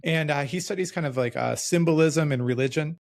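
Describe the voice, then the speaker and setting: Gravelly-voiced man hosting a podcast. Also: a little high, fairly quick, darkish tone, no room sound, clean studio sound. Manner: reflective, self-deprecating, talks in loose restarts. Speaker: podcast host. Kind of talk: casual podcast conversation.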